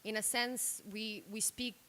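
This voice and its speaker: Direct higher-voiced woman workshop speaker. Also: measured pace. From Serbia and Slovenia. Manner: direct, animated, acts out quoted reactions. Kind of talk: workshop talk. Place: room. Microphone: handheld microphone.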